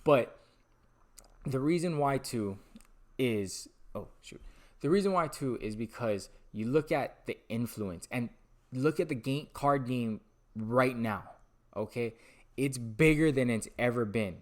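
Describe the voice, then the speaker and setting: A young man talking excitedly to camera about sports card investing, rambling and losing his train of thought. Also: mid-range voice, measured pace. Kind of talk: casual talking-head monologue.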